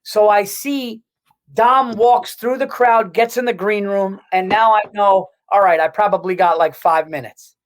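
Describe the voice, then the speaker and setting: Brief: high-pitched male comic guest, animated rapid storyteller, swears freely. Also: low-quality recording. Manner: animated, quick and profane, lots of restarts. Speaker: comedian guest. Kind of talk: casual comedic storytelling.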